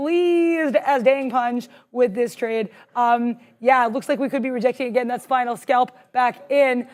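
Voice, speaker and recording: A woman co-hosting a live trading stream, excitable and rambling, jittery with adrenaline. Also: on the high side, unhurried. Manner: excitable, rambling, self-deprecating. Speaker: stream co-host, day trader.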